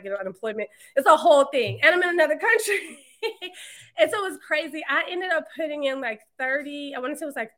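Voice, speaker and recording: Woman in her thirties, casual podcast guest, lively storytelling, frequent laughs, higher voice. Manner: animated, laughs often, quotes others in lively voices. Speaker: podcast guest, marketing entrepreneur.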